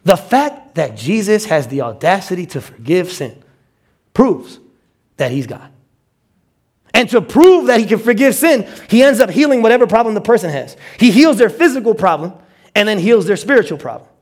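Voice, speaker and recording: A male pastor preaching with a notably high voice. He swings into quoted voices and repeats words as he pushes his points along. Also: normal speed. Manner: animated, acts out quotes with stammered repeats. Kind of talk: sermon.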